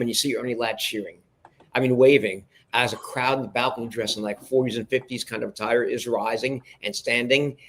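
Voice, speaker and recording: A man telling a long behind-the-scenes story as a guest in an interview, animated, often restarting and turning to the listeners. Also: mid-range voice, brisk. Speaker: guest, television producer.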